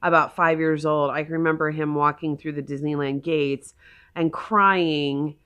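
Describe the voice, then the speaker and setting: A woman's voice: low-pitched, steady tone, measured pace, a bit bright, clean tone. A woman in her forties from Oklahoma, chatting in a casual vlog, gushing and emotional as she rambles on. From Oklahoma, USA. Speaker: vlogger.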